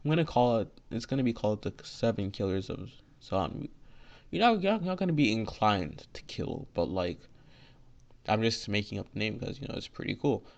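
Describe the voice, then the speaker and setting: Calm young assassin, soft offhand delivery, lowish voice, lo-fi audio, from a man telling a story. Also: normal speed, gravelly. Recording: dull lo-fi recording.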